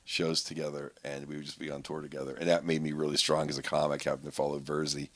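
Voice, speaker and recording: A man's voice: a bass voice, level tone, fast, fairly bright tone, dry recording. A middle-aged man from Pittsburgh, a comedian guest telling stories in casual podcast chat, rambling with many restarts.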